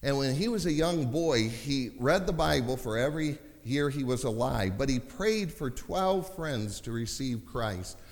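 A man preaching a sermon, passionate and building to shouts at times. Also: medium pitch, lively intonation, measured pace, few pauses. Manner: impassioned, rising to shouting. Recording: long hall reverb.

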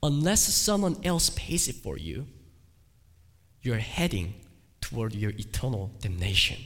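Pastor guy preaching slow, voice jumping all over, lots of church echo. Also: mid-range voice, very animated. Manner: emphatic, repeats phrases, swings between loud cries and quiet asides. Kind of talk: sermon. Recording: long hall reverb.

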